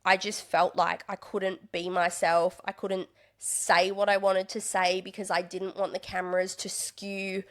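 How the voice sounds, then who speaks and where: A young woman in casual interview chat, chatty and animated, slipping into exaggerated voices when she quotes people. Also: medium pitch, a little slow. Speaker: podcast guest, reality TV contestant and stand-up comedian.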